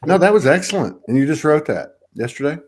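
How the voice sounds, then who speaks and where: A man's voice: fairly high pitch, expressive, brisk, a little hiss or hum. A man hosting a casual live online chat over a video call, talking in a rambling, reflective way with many restarts. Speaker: host.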